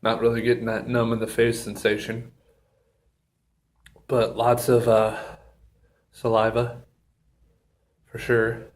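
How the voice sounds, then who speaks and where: Reviewing peppers on his own in a casual clip, a man speaks slowly at a flat, even pitch. He halts often with ums and pauses, sounding slightly out of breath from the heat, sniffly from a runny nose, and with his mouth still burning.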